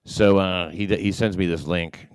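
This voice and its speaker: A man's voice: low voice, fairly even intonation, moderate pace, clean tone, no echo, studio quality. A man hosting his own livestream, ranting in a profane, combative way with many fillers and restarts. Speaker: livestream host. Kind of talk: ranting monologue.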